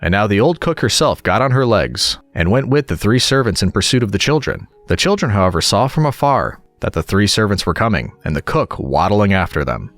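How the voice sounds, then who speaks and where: Calm low-voiced man reading fairy tales. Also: fairly quick, few pauses, dry recording. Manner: calm, relaxing storyteller. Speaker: audiobook narrator. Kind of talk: storybook reading.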